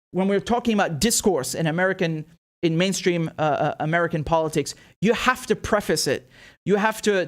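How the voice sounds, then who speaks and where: Indignant male political commentator. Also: high voice. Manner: emphatic and indignant, rapid asides with many fillers. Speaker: political commentator, show host.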